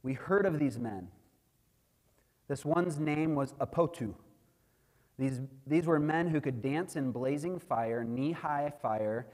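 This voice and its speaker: A man preaching as a missionary, telling a dramatic testimony that builds to loud, emphatic peaks. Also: medium pitch. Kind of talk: sermon testimony. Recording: long hall reverb.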